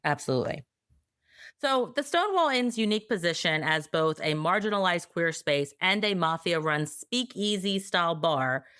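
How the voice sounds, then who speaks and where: Animated sarcastic woman podcaster. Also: lowish voice, no echo, studio quality. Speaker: podcast co-host. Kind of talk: casual podcast chat with sarcastic asides.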